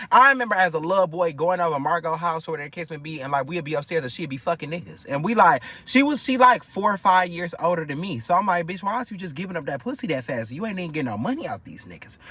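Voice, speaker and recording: A young man, telling a family story in an animated, profane, gossipy way. His voice sits high and swings widely in pitch, and it sounds bright and sharp. The recording is dry and close to the mic. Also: no room sound. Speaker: storyteller vlogger. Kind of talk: casual storytime monologue.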